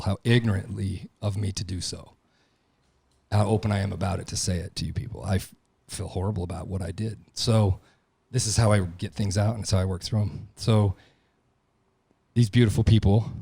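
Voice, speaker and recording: A man with a low, mellow voice gives a blunt, profane, confessional monologue as a podcast host. His voice sounds dry and close, with no room echo behind it. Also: steady tone, brisk, creaky, slightly rough. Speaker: podcast host and tattoo shop owner. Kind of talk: candid monologue.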